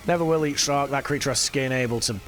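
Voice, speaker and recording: A man talks easily with his stream chat as he plays, his voice sitting at a middle pitch. He chats loosely and swears casually. Faint music plays underneath. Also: fast talker, a bit bright. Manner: chatty, swears casually, reads and answers chat while playing.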